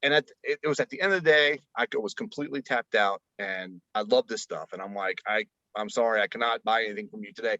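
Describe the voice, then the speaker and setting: A man's voice: lowish voice, fast, few pauses, bright, forceful tone, dry recording, dull audio. A man chatting casually as a podcast guest, rambling with many fillers and restarts. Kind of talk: casual chat.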